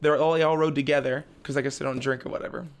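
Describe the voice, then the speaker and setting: A young man, a podcast guest, telling a story in casual chat, animated and laughing often as he acts out his family's lines. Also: a little high, rapid-fire, smooth. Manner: laughs often while talking.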